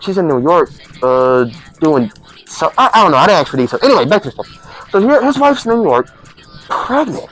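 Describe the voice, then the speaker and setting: Lively rambling young man telling a story. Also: high-pitched, poor audio. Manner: rambling, self-correcting, acts out quoted friends. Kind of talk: casual comedic storytime.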